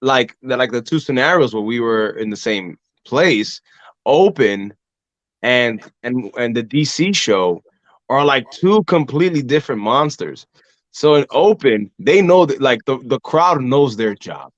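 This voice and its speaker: A man hosting a wrestling podcast, telling ring stories in a casual, animated way and acting out voices from the crowd. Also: mid-range voice, measured pace, dry recording, highs cut off. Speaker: podcast host and pro wrestler. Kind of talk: casual conversation.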